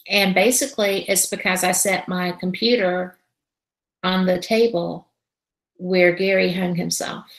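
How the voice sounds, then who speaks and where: A woman who is a paranormal investigator, telling a story as a guest in a casual interview. She is animated and acts out the conversations she describes. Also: lowish voice, unhurried, roomy sound, rough recording. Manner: animated, re-enacting conversations as she tells them.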